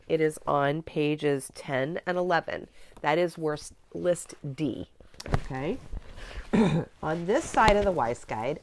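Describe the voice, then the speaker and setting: A middle-aged woman teaching a spelling method, explaining clearly and coaching a student step by step. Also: sits low, a little hiss or hum. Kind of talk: instructional demonstration.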